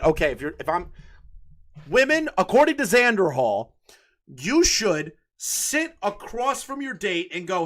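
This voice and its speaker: A man's voice: high voice, sing-song, measured pace, fairly bright tone. A man hosting a reaction commentary video, sarcastic and exasperated, mocking what he watches. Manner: sarcastic, exasperated, bursts of laughter and swearing.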